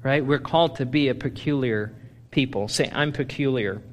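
A male pastor preaching a sermon, animated, swinging from loud playful bursts to low, intense stretches. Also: moderate pace, in a large hall, slight background noise. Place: church sanctuary.

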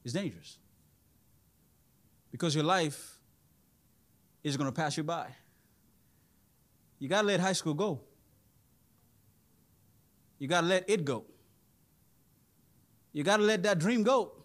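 A man in his thirties preaching a sermon as pastor, animated, laughing often and rising to loud emphasis. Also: fairly high pitch, slow, long pauses. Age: 30s. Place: church in Indonesia.

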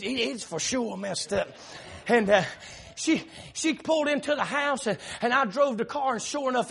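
A middle-aged Southern preacher with a very high, gravelly voice that rings bright and sharp. He tells his story at full volume, drops in a steady "uh" between phrases, and drives his points home with shouts. The edge of his voice is rough and a little husky. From South Carolina. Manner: loud, storytelling preaching with frequent "uh" and shouted peaks. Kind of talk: sermon. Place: church.

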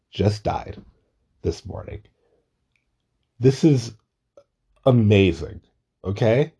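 Young guy vlogging, low husky mellow voice, swears a lot, laughs thru his story. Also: dull audio. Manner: profane, animated, laughs through a story. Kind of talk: casual storytelling monologue.

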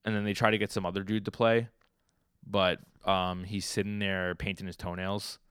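A man co-hosting a podcast, casually recapping a comic chapter with fillers and lively retellings. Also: low voice, moderate pace, smooth, no echo, studio quality. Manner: animated storytelling with fillers and acted quotes. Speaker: podcast co-host.

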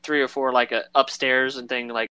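A man's voice: medium pitch, flat delivery, a little fast, pushed and bright, clear, resonant tone, no echo. A man co-hosting a casual chat about a film, rambling with lots of fillers and acting out quoted lines in voices. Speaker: podcast co-host.

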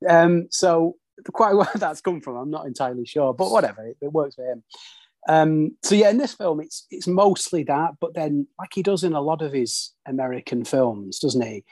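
Husky man in his forties, chatty. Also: fairly high pitch, lively intonation, normal speed, a little mellow, dry recording. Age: 40s. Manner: chatty, many restarts and tag questions. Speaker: podcast host. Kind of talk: casual film discussion.

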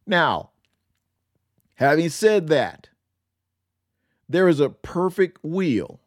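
Male podcast host teaching scripture, slow deliberate preaching, higher-pitched voice, dry close sound. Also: no room sound. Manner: emphatic, repeats phrases for effect. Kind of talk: preaching-style Bible teaching.

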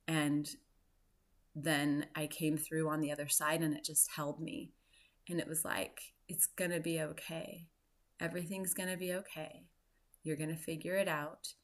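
A woman in her forties, a podcast host, telling a personal story in an earnest, reflective way with soft laughs. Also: low voice. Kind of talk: personal story and motivational talk.

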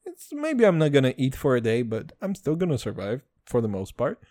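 A young man from Israel hosting a casual solo podcast, rambling and swearing, with jumps in pitch. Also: huge pitch swings, fairly quick, dark tone, dry recording, clean studio sound. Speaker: podcast host.

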